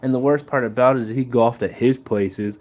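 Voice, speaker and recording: A man's voice: medium pitch, steady tone, normal speed, a little mellow. A young man ranting casually and profanely, with slang and laughter. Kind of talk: casual political rant.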